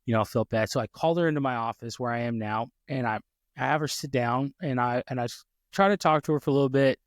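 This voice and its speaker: A man's voice: medium pitch, fast talker, no room sound, clean studio sound. A man hosting a podcast, telling a family story in casual chat, with lots of fillers and restarts, speaking from his home office. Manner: rambling, animated, many restarts and fillers. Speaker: podcast host.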